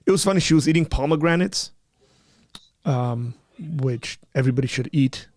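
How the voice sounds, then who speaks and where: A man's voice: on the high side, moderate pace, darkish tone, dry recording. A man hosting a casual call-in livestream, joking and rambling with frequent restarts. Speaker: livestream host.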